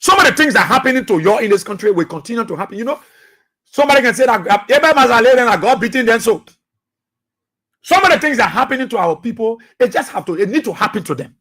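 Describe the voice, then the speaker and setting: A man with a Liberian English accent giving impassioned political commentary as a radio talk show host, repeating his points and sometimes shouting. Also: very high voice, lively intonation, fast talker. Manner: impassioned, preachy, repeats phrases, shouts at times.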